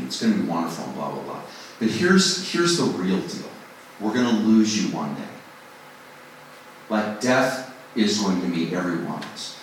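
A songwriting workshop speaker with a lowish voice teaches a group informally, picked up by a distant mic in a very echoey room with a little hiss or hum. He's chatty and self-deprecating, acting out inner voices as he goes.

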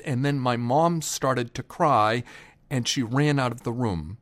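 A man telling a personal family story to listeners, unhurried, pausing for effect, and raising his voice for quoted shouts. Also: mid-range voice. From Boston area.

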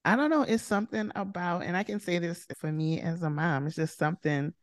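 A woman's voice: on the low side, fairly quick, dry recording. Blunt wry woman on a podcast, slangy, dry close mic. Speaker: podcast co-host. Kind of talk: casual podcast banter.

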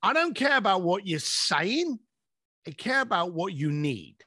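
A man's voice: high voice, big pitch swings, a little slow, bright, forceful tone. A man, a business coach telling stories in a podcast conversation and acting out his clients' lines.

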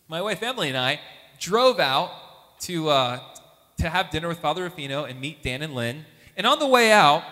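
A man, a youth minister, giving an animated testimony talk and acting out the voices of the people in his story. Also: a little high, big-room sound.

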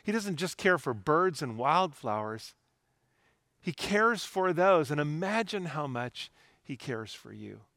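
A man's voice: fairly high pitch, big pitch swings, slow, fairly bright tone, dry recording, clean studio sound. Earnest, conversational male pastor. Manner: earnest, conversational preaching with personal stories. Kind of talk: sermon.

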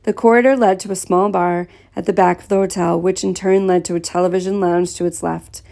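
Low, gravelly woman reading a story. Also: steady tone, brisk, dark tone. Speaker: audiobook narrator. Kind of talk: first-person story narration.

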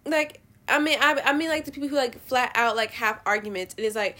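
A woman hosting a show, giving blunt, profane opinions in a casual, animated rant. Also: sits high, brisk, few pauses. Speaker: podcast host.

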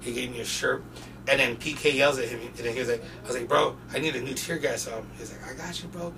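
A man from North Portland, a podcast guest, telling casual stories in an animated, profane way and acting out other people's voices. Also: mid-range voice, fast, gravelly. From North Portland, USA. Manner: animated, profane, laughing, acts out quoted voices. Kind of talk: casual storytelling. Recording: distant mic with steady background noise.

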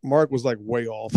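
A man co-hosting a casual wrestling chat, halting and repeating his words. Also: mid-range voice, vocal fry, darkish tone, dry recording.

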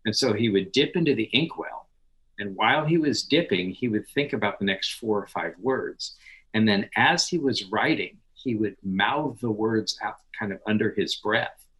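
A man who is a podcast guest and literature scholar, telling stories in an animated, knowledgeable way. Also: lowish voice, normal speed, low-quality recording. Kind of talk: conversational interview.

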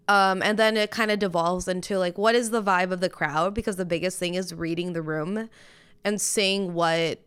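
Bright, smooth-voiced woman chatting about DJing. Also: mid-range voice. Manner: chatty, quick explanations with many "like"s. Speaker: podcast guest, DJ. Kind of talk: casual podcast chat.

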